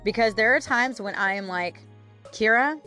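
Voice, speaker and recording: A woman in her thirties talks through a casual solo podcast episode, chatty and candid, and she often stops on fillers and small laughs. Her voice sits at an ordinary middle pitch, and soft music plays faintly behind her. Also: fairly quick. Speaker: podcast host.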